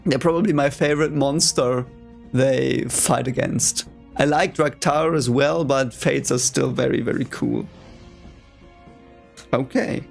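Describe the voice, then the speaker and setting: A man's voice: medium pitch, measured pace, vocal fry, soft background music. A man reading a fantasy novel aloud for the first time, with chatty, playful commentary and laughing asides. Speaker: reader reacting to a novel. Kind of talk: casual reading reaction.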